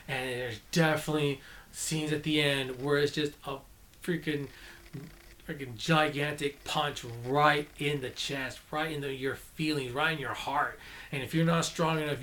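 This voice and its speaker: A man's voice: medium pitch, a bit bright. A man giving a casual, rambling movie review, enthusiastic and often correcting himself mid-sentence.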